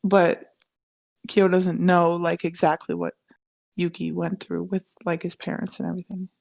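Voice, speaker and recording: A woman co-hosting a podcast in casual chat, talking slowly and hesitantly and chuckling often. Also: on the low side, little pitch movement, vocal fry, a little mellow, dry recording. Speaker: podcast co-host.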